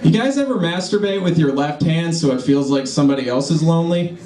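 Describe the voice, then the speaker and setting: Young comedian with dry one-liners. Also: male voice, fairly high pitch, animated, brisk, distant mic. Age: 20s. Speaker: stand-up comedian. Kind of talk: stand-up comedy set. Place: hotel lounge comedy stage. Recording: echoey lounge, noisy live audience.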